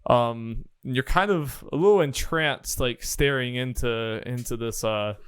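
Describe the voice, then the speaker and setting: A man's voice: medium pitch, a little slow, smooth, no echo. A man narrating as dungeon master, describing scenes with lots of fillers and restarts. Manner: rambling, filler-heavy description. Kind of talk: narrating a tabletop game.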